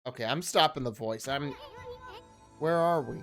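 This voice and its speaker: A woman's voice: rumbling low, moderate pace. A woman streamer making offhand, wry asides while playing, her throat worn. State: tired throat. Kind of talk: casual let's play commentary. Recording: game music behind.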